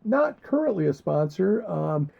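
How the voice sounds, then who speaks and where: A man's voice: high-pitched, big pitch swings, unhurried, gravelly, breathy edge. A man co-hosting a casual podcast, rambling and joking with crude asides. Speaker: podcast co-host. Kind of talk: casual chat. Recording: muffled lo-fi podcast audio.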